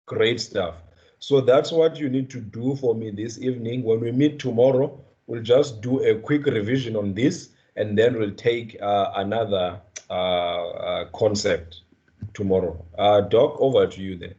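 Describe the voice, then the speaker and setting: A man with a South African accent walks students through an online course, often repeating himself and asking whether they are following. His voice sits low and warm, with a relaxed tone. The sound is dull and lo-fi, as on a video call. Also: unhurried. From Eastern Cape, South Africa. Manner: repeats words, checks in with students. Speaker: guest trainer. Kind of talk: online class instruction.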